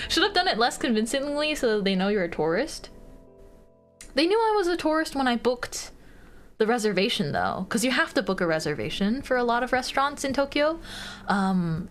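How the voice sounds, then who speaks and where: A woman's voice: medium pitch, big pitch swings, normal speed, soft background music. A young American woman streaming casual chat, bubbly and giggly, with lots of fillers. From United States.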